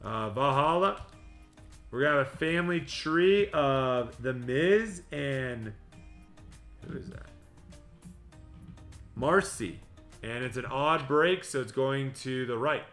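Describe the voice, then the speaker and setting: A man hosting a livestream card break, rattling off player names with quick joking asides. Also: mid-range voice, expressive, fairly bright tone. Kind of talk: livestream card-opening patter. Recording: echoey room with music behind.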